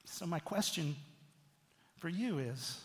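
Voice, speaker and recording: A middle-aged man preaches in an easy, conversational manner, often tossing a quick question back to his listeners. His voice sits a little higher than most men's. The sound carries a long hall reverb, as in a church sanctuary. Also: animated. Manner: conversational, frequent "right?" asides. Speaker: pastor. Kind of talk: sermon.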